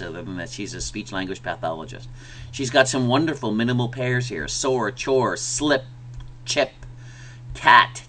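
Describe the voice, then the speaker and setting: A man's voice: mid-range voice, a bit bright, a little hiss or hum. A man giving a conversational mini lecture as an ESL teacher, with many fillers, who sounds out example words aloud.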